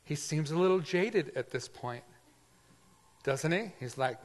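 A man delivers a sermon with a slightly high-pitched voice, talking to the congregation as if in conversation. His emphatic points rise loud, and his asides drop almost to a murmur. Long reverb from the hall trails behind every phrase. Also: expressive, unhurried. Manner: conversational preaching, swinging between loud emphasis and near-whispered asides. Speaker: pastor.

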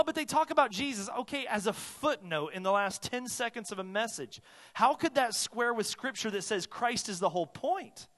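A male pastor preaching a sermon, swinging between loud urgent emphasis and hushed, earnest passages. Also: high voice, big-room sound.

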